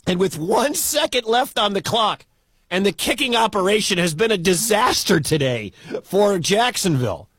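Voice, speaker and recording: Man, play-by-play radio caller, high and lively, dry booth sound, shouts at big moments. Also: normal speed, slightly rough, no echo. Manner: excitable, erupts into shouts at big plays. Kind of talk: live radio football commentary. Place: stadium broadcast booth.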